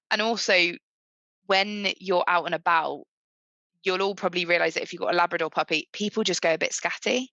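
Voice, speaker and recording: A young woman in her twenties, guesting on a podcast. Her voice is bright and somewhat low, in a dry close recording. She chats casually, with plenty of "like". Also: fairly even intonation, a little fast, no room sound, lo-fi sound. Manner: chatty, frequent "like" fillers. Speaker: podcast guest, puppy owner. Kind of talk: podcast interview.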